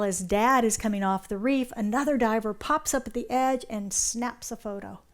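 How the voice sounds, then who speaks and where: A woman minister giving a sermon, retelling a story with animated delivery and checking in with her listeners. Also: fairly high pitch.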